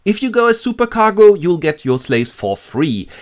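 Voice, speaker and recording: A man's voice: high-pitched, very animated, normal speed, pitched above the performer's own voice. A man voicing a scheming male plantation neighbor in a comic retelling, coaxing and persuasive. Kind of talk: comic storytelling.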